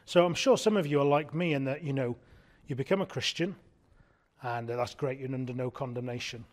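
A man preaching an evening sermon, earnest and emphatic, repeating key words and slowing down to stress them. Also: mid-range voice.

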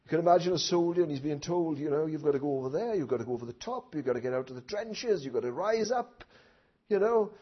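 High-voiced man preaching with sudden loud outcries. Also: expressive, fast, breathy edge. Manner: swings from hushed asides to loud impassioned outcries; tag questions and rhetorical questions to the congregation. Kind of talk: sermon. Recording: dull lo-fi recording.

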